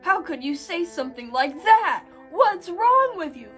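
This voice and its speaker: A woman's voice: high-pitched, fairly even intonation, unhurried, fairly bright tone, soft background music. A woman reading a stern, grieving mother. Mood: reproachful. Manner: reproachful.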